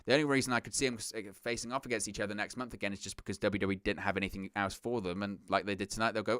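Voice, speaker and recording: A man's voice: lowish voice, steady tone, rapid-fire, few pauses, fairly bright tone, clear, resonant tone, no echo, studio quality. A man hosting a solo reaction talk, ranting in an exasperated, sarcastic way and repeating his points. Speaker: wrestling reaction host. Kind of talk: solo commentary vlog.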